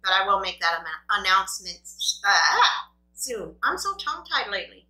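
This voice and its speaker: A woman with a bright, forceful voice chats casually to her viewers while she eats, rambling and poking fun at herself. The sound bounces around an echoey room. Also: mid-range voice, big pitch swings, moderate pace, far from the mic. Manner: rambling, self-deprecating, talks to viewers. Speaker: mukbang host. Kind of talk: casual chat while eating.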